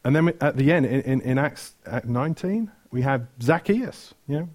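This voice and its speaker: A man's voice: medium pitch, expressive, moderate pace, darkish tone. A man preaching a sermon, retelling stories with energy, asking the room questions and correcting himself mid-flow.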